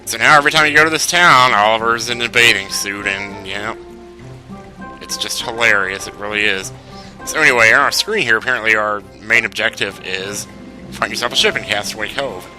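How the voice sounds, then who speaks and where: A man's voice: lowish voice, fairly quick, sharp tone, faint music behind. A man commentating on a video game as he plays, joking and rambling. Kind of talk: let's play commentary.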